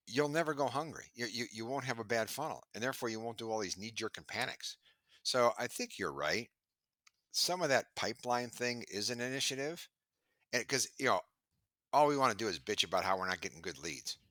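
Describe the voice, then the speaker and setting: A man being interviewed about sales, talking in a lively way and acting out bits of dialogue, sometimes stammering as he restarts. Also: mid-range voice, a little fast, dry recording, studio quality. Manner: animated storyteller, acts out dialogue. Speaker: sales expert guest. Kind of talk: podcast interview.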